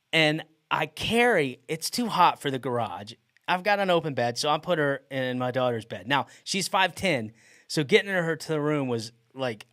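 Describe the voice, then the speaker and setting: A man's voice: on the high side, a bit bright, no room sound, studio quality. A middle-aged man hosting a podcast, telling a story in a casual way and often laughing mid-sentence. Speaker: podcast host.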